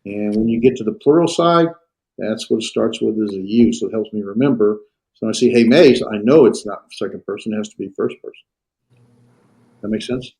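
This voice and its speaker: A man lecturing a classroom on Greek grammar, pausing often on fillers and restarts and checking in with his students. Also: lowish voice, darkish tone, poor audio. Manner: halting, with frequent fillers and restarts. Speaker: Greek teacher.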